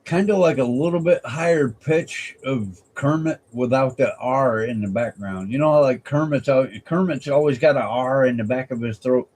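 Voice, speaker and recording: A man's voice: mid-range voice, moderate pace, few pauses, darkish tone, low-quality recording. A man chatting casually outdoors at night in a rambling, chuckling, laid-back way. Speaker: streamer. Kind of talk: casual chat. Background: faint crickets and insects.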